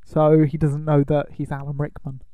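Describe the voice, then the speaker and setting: A man's voice: on the high side, completely flat delivery, normal speed, dry recording, phone-quality sound. A man co-hosting a podcast, retelling a film's plot in casual chat with jokes and laughs. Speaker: podcast co-host.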